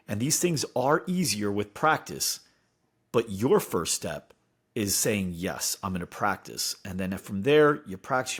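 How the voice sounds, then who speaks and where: A man's voice: on the low side, breathy edge. A man from the United States hosting a podcast, chatting casually and laughing often. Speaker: podcast host.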